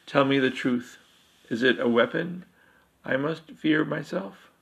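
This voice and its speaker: A man voicing a harsh, menacing cannibal half-elf king in a dark fantasy story. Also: mid-range voice, unhurried, creaky, pitched above the performer's own voice, poor audio. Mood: probing. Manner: harsh, demanding.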